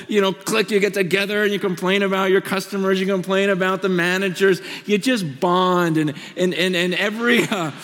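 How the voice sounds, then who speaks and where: A middle-aged man preaching a sermon with impassioned feeling, often stammering and repeating words as he speaks. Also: high-pitched. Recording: long hall reverb.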